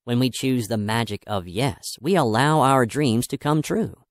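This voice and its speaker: A man's voice: medium pitch, unhurried, dry recording, clean studio sound. A man narrating a self-help audiobook in an upbeat, emphatic and encouraging manner.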